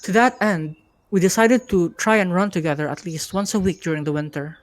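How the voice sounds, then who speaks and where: Low-voiced woman narrating a story. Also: brisk, no room sound. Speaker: host and narrator. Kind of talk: live first-person story narration.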